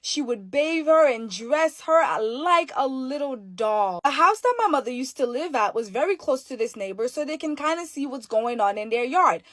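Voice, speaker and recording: A woman from Haiti telling spooky stories in a sassy, profane, animated way. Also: high voice, normal speed, hardly any pauses, no echo. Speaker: storyteller. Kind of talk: casual spooky storytelling.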